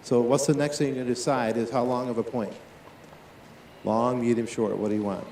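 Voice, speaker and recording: A man teaching tennis in a live on-court demonstration, talking to his players and to watching coaches with quick, lively questions. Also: mid-range voice, echoey room, a little hiss or hum.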